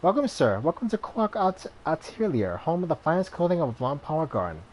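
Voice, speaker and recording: A man's voice: a little high, big pitch swings, a little fast, darkish tone, pitched above the performer's own voice, rough recording. Man voicing a courteous master tailor. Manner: courteous, formal, salesman-like. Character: polite, proud male master tailor.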